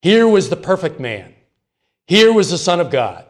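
A man teaching a Bible study, reading scripture and explaining it in a measured, deliberate, reverent way. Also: high-pitched, very animated.

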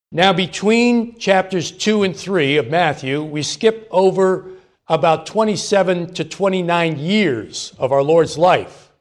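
Man, Bible teacher, slightly high voice, measured, deliberate, reverent. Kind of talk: scripture reading and Bible study teaching.

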